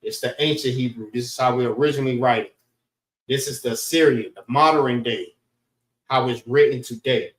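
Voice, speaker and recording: A man teaching a class, relaxed and casual, often saying "all right" between points. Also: mid-range voice, normal speed, reverberant, low-quality recording.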